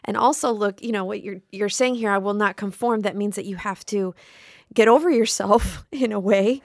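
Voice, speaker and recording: A woman with a mid-pitched voice co-hosts a faith-based parenting podcast. She talks thoughtfully and gently offers counterpoints. The recording is dry and close. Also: moderate pace, no room sound. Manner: thoughtful, pushes back gently with follow-up points. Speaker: podcast co-host. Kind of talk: conversational Christian parenting talk.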